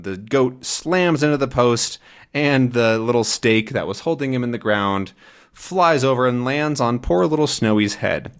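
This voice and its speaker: A man with a middle-pitched voice walks learners through a comic panel by panel. He sounds relaxed and chatty, pausing on fillers as he explains words in simple terms. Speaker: English teacher.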